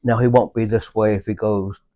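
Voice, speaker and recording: Low-voiced man, halting and unhurried. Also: fairly even intonation, dark tone, no room sound, muffled recording. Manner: halting, unhurried, with many filler pauses. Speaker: veteran guest with a service dog. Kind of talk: casual conversation.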